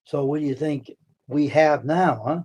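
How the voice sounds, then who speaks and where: A man hosting a casual live stream from the United States, answering his chat by name, repeating himself, worked up at times and then calming his viewers down. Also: on the high side, moderate pace. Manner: talks back to chat, repeats himself, heated then soothing.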